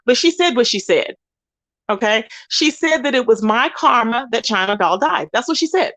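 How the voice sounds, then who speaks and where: A woman's voice: a little high, expressive, moderate pace, a bit bright. A woman hosting a livestream, ranting indignantly and emphatically while greeting chat viewers. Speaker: livestream host. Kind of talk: heated livestream rant.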